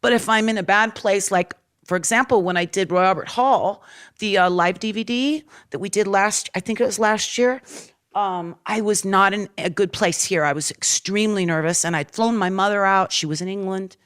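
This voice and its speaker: A woman's voice: mid-range voice, normal speed, a bit bright, smooth. A woman in her forties, a rock singer speaking openly and from the heart in an interview, with frequent fillers. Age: 40s. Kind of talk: candid interview talk.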